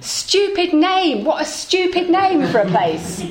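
A man's voice: extremely high pitch, sing-song, slow, echoey room, heavy background noise, pitched above the performer's own voice, exaggerated voice. A woman voicing a male shopkeeper who mocks people for taking dreams seriously, in a raised, incredulous voice. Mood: scoffing. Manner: mocking, incredulous.

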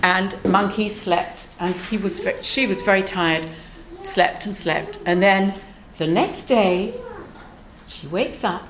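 A woman minister telling a story to a live gathering, playful and animated, often laughing and inviting the audience to join in. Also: mid-range voice, slow pace. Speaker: minister and theme speaker. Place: meeting hall with an audience. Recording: echoey hall with audible room noise.

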